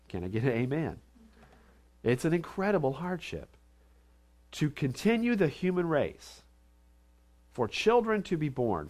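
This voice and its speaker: A male pastor preaching a sermon, reading scripture aloud and then explaining it, with emphatic rises and soft asides. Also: medium pitch. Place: church.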